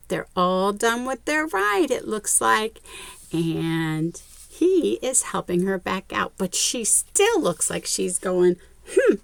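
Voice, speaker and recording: A woman reading a picture book aloud to children, her pitch leaping around animatedly. She takes her time and talks to the little listeners directly, gasping at every surprise. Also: vocal fry. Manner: expressive, child-directed, frequent gasps; talks directly to young viewers. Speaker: children's story reader.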